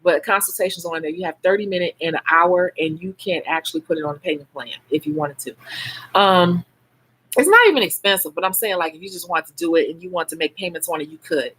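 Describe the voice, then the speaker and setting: Woman, Chicago accent, slightly low voice, casual live-stream chat, frank advice, answering comments. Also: quick pace, a bit bright, slightly rough. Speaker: nail technician hosting a live stream.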